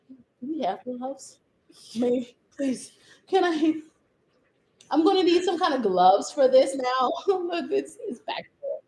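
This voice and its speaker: A woman talking off the cuff on a live stream from home, slightly high-voiced and swinging widely in pitch. She rants in exasperation and keeps breaking into laughter. It sounds unscripted and personal. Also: darkish tone, low-quality recording.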